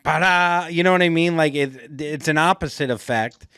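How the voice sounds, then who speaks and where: A man's voice: on the high side, sharp tone, clean tone, no echo, clean studio sound. A man co-hosting a podcast in casual chat, playful and jokey. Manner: playful, jokey, quick to laugh. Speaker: podcast co-host.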